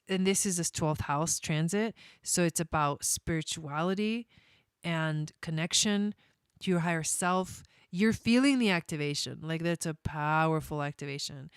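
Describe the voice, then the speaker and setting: A woman's voice: sits low, smooth, no echo, clean studio sound. A young woman chatting casually on a live stream, bubbly and prone to tangents, laughing often while giving astrology readings.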